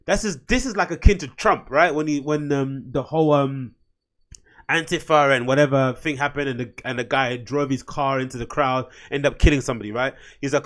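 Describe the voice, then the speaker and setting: A man's voice: mid-range voice, a little fast. A man hosting his own podcast, ranting in a blunt, profane, rambling way, often getting heated. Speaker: podcast host. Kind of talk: casual solo rant.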